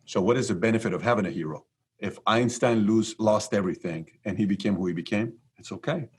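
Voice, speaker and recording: A man in his forties from Iran, a podcast guest telling stories in an animated, repetitive way. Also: lowish voice, fast, breathy edge. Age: 40s. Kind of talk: storytelling interview talk.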